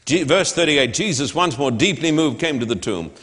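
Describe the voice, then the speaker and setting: A man's voice: fairly high pitch, lively intonation, moderate pace, a bit bright. A man preaching a sermon in church, with an emphatic, repetitive cadence. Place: church sanctuary. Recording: long hall reverb.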